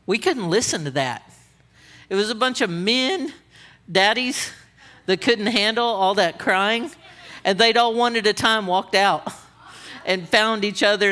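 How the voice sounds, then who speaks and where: A woman's voice: medium pitch, fairly bright tone. A middle-aged woman pastor telling a story in a conference sermon, acting out her own reactions. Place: church stage.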